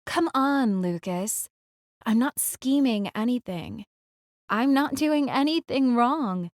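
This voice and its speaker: A woman voicing a young female singer who pleads with her ex and defends herself in soft, earnest lines of audiobook dialogue. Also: a little high, lively intonation, takes it slowly, dry recording, clean studio sound. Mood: pleading. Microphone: close studio mic.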